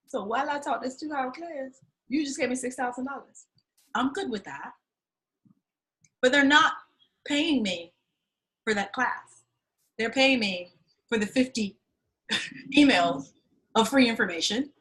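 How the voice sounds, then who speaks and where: A middle-aged woman coaching a class, talking candidly and with lots of swearing as she tells lively stories and pitches her course. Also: unhurried, pauses often, rough recording. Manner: candid and profane, animated storytelling. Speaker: acting and fundraising coach. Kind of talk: casual teaching pitch.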